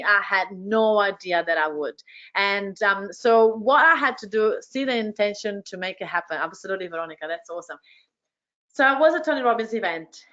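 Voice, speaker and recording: Energetic woman coach, lo-fi call audio. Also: medium pitch. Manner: energetic, enthusiastic, quick bursts of praise. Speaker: workshop host and business coach. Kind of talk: motivational storytelling to an online audience. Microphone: video call.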